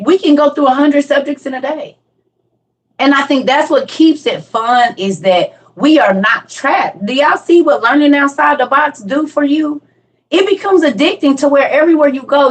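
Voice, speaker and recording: An older woman chatting with her online class, fairly high-voiced. She laughs often and talks straight to the crowd as "y'all", easy and unscripted. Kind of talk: casual live-stream chat.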